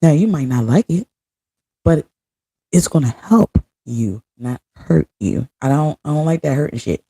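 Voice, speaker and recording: Gravelly low-voiced woman venting bluntly. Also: animated, unhurried, mellow. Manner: blunt, profane, venting angrily. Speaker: vlogger. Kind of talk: casual ranting vlog.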